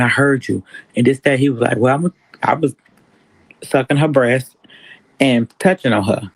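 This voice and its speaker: Animated man telling a story on a livestream. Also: medium pitch, normal speed, long pauses, no room sound, rough recording. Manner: animated storytelling, acts out quotes. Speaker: stream host. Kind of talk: casual commentary on a livestream.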